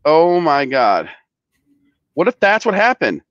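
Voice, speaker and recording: A man's voice: a little high, huge pitch swings, slow, a bit bright, no room sound, lo-fi sound. A man co-hosting a casual live stream, worked up and ranting, swearing, with many restarts and repeated words. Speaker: show co-host, company head.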